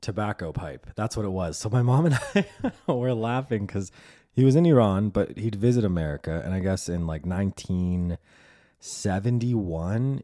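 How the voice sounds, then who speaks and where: Warm and low, a man's voice carries his own podcast as he talks by himself in a casual monologue. The talk is loose and meandering, with frequent laughter and swearing.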